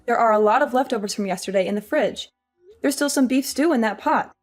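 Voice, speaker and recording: A woman playing a weary, high-voiced young wife. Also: a little fast, faint music behind, natural voice. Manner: weary, pleading. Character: exhausted young working wife. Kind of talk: audio drama acting.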